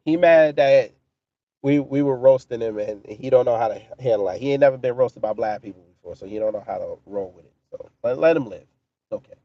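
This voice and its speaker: A man's voice: mid-range voice, brisk, muffled recording. A man hosting a casual livestream, talking in a profane, mocking way and answering his chat. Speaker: livestream commentary host.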